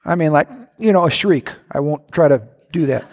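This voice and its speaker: A male pastor preaching a sermon in a church, animated and emphatic, with sudden bursts of shouting and playful mimicry. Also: on the high side, moderate pace. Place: church hall. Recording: echoey church hall.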